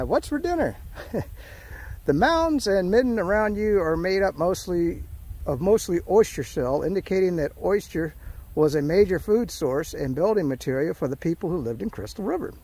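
A middle-aged man vlogging on a hike outdoors, reading signs aloud and chatting, slightly out of breath. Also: fairly high pitch. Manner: chatty, excitable, reads signs aloud then comments. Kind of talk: casual hiking vlog with sign reading. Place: outdoors at a park mound.

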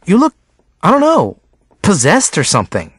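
A man's voice: high-pitched, wildly swooping pitch, moderate pace, breathy edge, no echo, studio quality, pitched above the performer's own voice, exaggerated voice. A man voicing an eager, fawning teenage girl in an audiobook.

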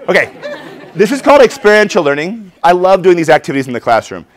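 A man in his forties giving an energetic conference workshop for teachers, acting out his students' voices. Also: high-pitched, quick pace, some chatter behind. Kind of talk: lively conference talk with demonstrations. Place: conference hall before an audience.

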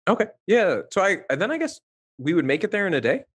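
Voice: mid-range voice, very animated, a little fast, breathy edge. A player in an online tabletop game, chatting in character and laughing often, with hesitant restarts. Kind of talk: casual tabletop game chat.

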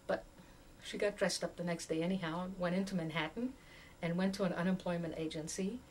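A woman in her sixties from Tanganyika, giving an oral history interview as an animated storyteller who laughs often while she talks. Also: on the low side, a little fast. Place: museum interview room. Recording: distant mic with faint background noise.

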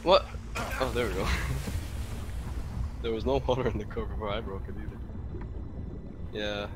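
A man's voice: fairly low pitch, fairly even intonation, moderate pace, background noise. A young man streaming a co-op game, laughing and teasing his partner with casual swearing. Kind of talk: casual gaming commentary. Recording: loud game music under the voice.

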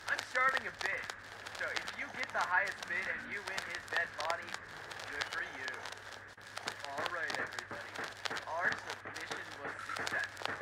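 A man with a notably high voice clowning through a game, hamming up fake sales pitches to viewers. Loud noise rumbles behind him throughout. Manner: goofy, jokey mock-salesman patter. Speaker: gamer. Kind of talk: casual gameplay commentary.

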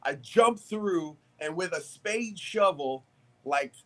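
Male podcast guest, fairly high voice, loose and swearing, storytelling with laughs. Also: slow. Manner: animated, profane, laughs through his story. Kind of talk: casual storytelling chat.

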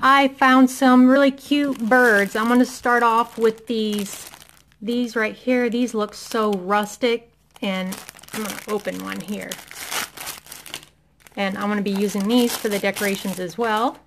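A woman's voice: fairly high pitch, steady tone, measured pace, fairly bright tone, slight background noise. Chatty middle-aged woman vlogger. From Indiana, USA. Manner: chatty, enthusiastic, many ums. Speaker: haul vlogger. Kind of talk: casual product haul chat.

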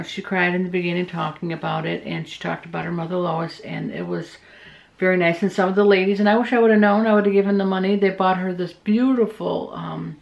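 Chatty woman with a gravelly voice. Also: lowish voice, muffled recording. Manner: chatty, emotional, digressive. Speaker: vlogger recapping a weight-loss meeting. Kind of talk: casual chat, reading tips aloud.

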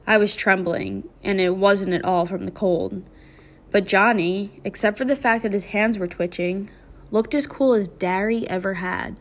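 A woman, a middle school English teacher, reading a novel aloud to her class with expressive storybook delivery. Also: mid-range voice, normal speed.

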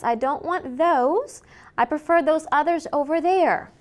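A woman teaching a Spanish lesson, saying each word slowly and clearly and repeating it in drills. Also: high-pitched, expressive. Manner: slow, clear drilling with repetition. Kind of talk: recorded language lesson.

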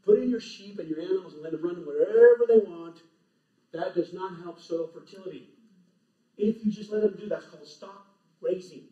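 Male conference speaker, emphatic and preacherly, mellow voice, recorded from afar in a roomy hall. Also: high voice, normal speed. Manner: emphatic, preacherly, punchy short phrases. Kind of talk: animated lecture to a live audience. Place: large lecture hall. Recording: echoey hall, distant, dull lo-fi.

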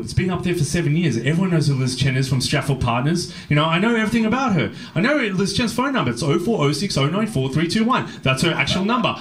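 On a comedy club stage, a stand-up comedian with a high, bright, forceful voice runs through a rambling, self-deprecating set. He swears freely and acts out other people's voices.

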